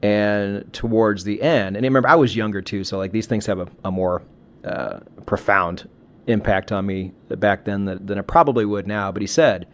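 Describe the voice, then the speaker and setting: A man's voice: on the low side, moderate pace. A middle-aged man co-hosting a casual podcast conversation, talking reflectively and giving advice with frequent restarts. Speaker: podcast co-host.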